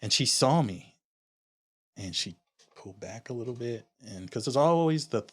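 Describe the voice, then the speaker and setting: A man's voice: medium pitch, animated, moderate pace, breathy edge. A man from Honduras, a guest on a podcast, candidly and reflectively recounting his own story, often restarting his sentences. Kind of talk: personal storytelling in an interview.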